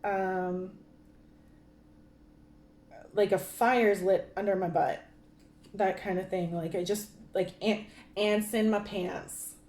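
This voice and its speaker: A woman's voice: mid-range voice, steady tone, slow pace, pauses often, darkish tone, echoey room. A woman giving a casual tarot card reading, talking in a rambling way with many fillers and restarts. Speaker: tarot reader.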